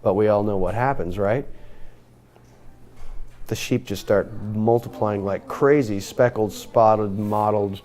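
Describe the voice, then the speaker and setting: A man teaching a group Bible study, lively, asking the group questions and acting out what the people in the text say. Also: lowish voice, slow pace. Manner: animated, acts out the characters' lines.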